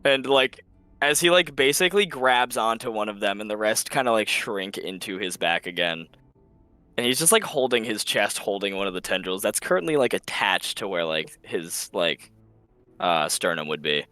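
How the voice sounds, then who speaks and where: A man's voice: lowish voice, animated, moderate pace, pushed and bright, no echo. A man narrating as game master in a casual, laughing way, full of fillers.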